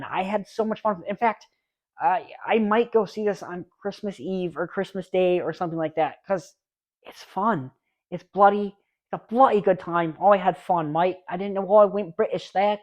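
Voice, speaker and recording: A man's voice: high voice, darkish tone. An eager young man in his late twenties chats through a casual movie review vlog. His talk is loose and rambling, full of restarts, asides and gushing enthusiasm. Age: late 20s.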